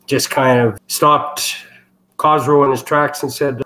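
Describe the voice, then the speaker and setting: A man from a wrestling family, appearing as a guest on a casual interview, rambles through wrestling stories full of fillers and false starts. His mid-range voice is steady, slow, and pushed bright, and the poor audio carries slight background noise.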